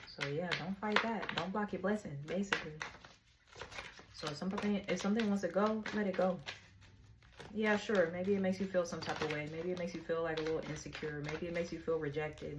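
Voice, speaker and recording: A woman talks through a tarot spread in a loose, slangy way, frank and quick to laugh. Her voice sits a little low, and there is a clear hiss of noise with clicks behind her. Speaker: tarot reader. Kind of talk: casual tarot reading.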